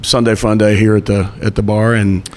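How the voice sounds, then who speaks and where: A man who runs a bar venue chatting as a guest, upbeat and quick to laugh. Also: lowish voice, level tone, in a large hall. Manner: enthusiastic, laughs easily. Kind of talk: casual chat.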